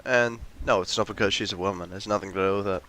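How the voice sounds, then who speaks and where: A man's voice: fairly low pitch, fairly even intonation, fast talker, sharp tone, a little hiss or hum. A young man in a ranty, rambling monologue, full of restarts and fillers, with mocking acted-out quotes of characters. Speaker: video essayist.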